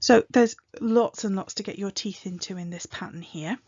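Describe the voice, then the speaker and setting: A woman teaching a language lesson, patiently explaining and modeling phrases slowly and clearly. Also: medium pitch, a little mellow, dull audio. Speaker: Welsh teacher.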